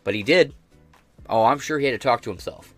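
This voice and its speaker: A man's voice: medium pitch, a little fast, soft background music. An American man hosting a podcast, reacting to news clips in blunt, profane casual commentary. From United States. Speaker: podcast host.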